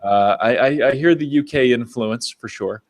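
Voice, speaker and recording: A man's voice: medium pitch, normal speed. A man hosting a business interview show, enthusiastic and chatty, often restarting his words. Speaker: podcast host. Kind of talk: upbeat show host chat.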